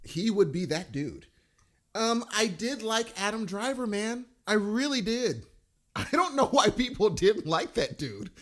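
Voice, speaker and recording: A man co-hosting a podcast, chatting casually. His voice sits a little high and moves around a lot. He gets enthusiastic and often leaves sentences unfinished. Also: measured pace. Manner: animated, enthusiastic, trailing off mid-sentence. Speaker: podcast co-host. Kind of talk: casual chat.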